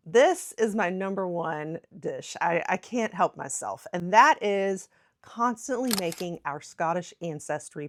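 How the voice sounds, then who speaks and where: An American woman talking to camera as a travel vlogger, bubbly and chatty, laughing at herself now and then. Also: medium pitch. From United States. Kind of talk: casual chat to camera.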